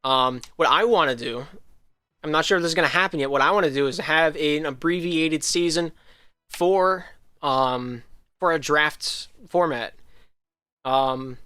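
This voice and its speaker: Livestream host, male, slight Southern American drift, bright, dry close sound. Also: on the high side, moderate pace, smooth, no room sound. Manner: rambling, frequent ums and restarts. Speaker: league host. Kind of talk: casual livestream talk.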